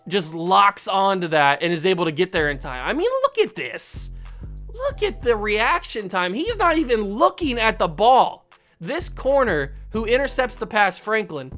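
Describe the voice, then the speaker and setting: A woman's voice: a little high, fairly bright tone. A woman hosting a gaming channel, giving live commentary on a football video game while venting her frustration at the play.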